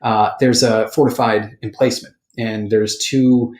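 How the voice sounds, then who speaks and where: A man's voice: lowish voice, measured pace, echoey room. A man hosting a podcast, chatting casually and telling stories with plenty of laughs. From Boston area, USA. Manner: animated storyteller, laughs often. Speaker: podcast host. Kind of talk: casual chat.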